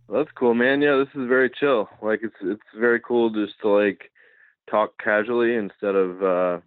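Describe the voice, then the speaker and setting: A man's voice: on the low side, fairly even intonation, moderate pace, no room sound. A man from Massachusetts talking as a guest artist over a phone call, easygoing and casual, peppering his talk with "man" and "dude". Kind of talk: casual interview chat. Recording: tinny phone line.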